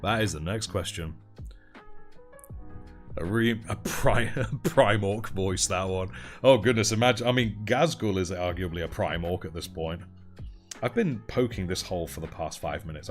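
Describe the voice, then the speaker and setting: With faint music behind, a low-pitched man talks at a moderate pace, pausing often. He's hosting a casual livestream, painting miniatures, chatting, thanking viewers from chat, and laughing frequently.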